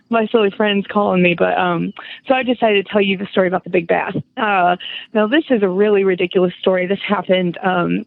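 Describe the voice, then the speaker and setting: A woman's voice: mid-range voice, creaky, no echo. A woman rambling through a silly comic story as a caller, giggling as she goes, over a phone line. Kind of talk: improvised comic phone call. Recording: tinny phone-line sound.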